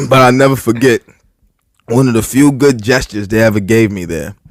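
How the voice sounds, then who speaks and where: A man with a mid-range voice speaks at a normal speed, recorded dry with clean studio sound. He's co-hosting a podcast and animatedly retelling a story in casual, profane talk, heavy with filler words and restarts.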